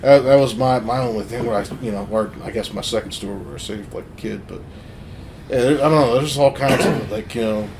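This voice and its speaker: A man's voice: mid-range voice, fairly quick, noisy background. A man telling a story in loose, profane casual chat, full of fillers.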